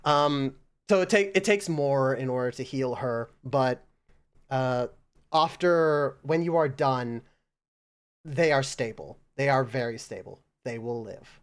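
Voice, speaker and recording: Man running a tabletop game, smooth voice. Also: medium pitch. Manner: relaxed, halting with fillers. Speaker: game master.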